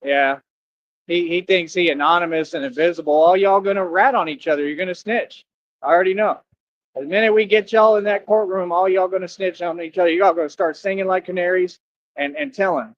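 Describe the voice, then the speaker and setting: A man's voice: high-pitched, a little fast, highs cut off, slight background noise. A man hosting a livestream, talking casually to his chat and mocking commenters in a combative way. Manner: combative, mocking, talks back to viewer comments. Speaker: livestream host.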